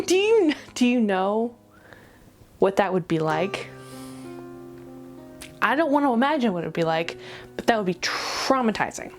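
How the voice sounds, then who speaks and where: A woman reviewing an anime in a ranty vlog, exasperated, rapid and swearing. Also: mid-range voice.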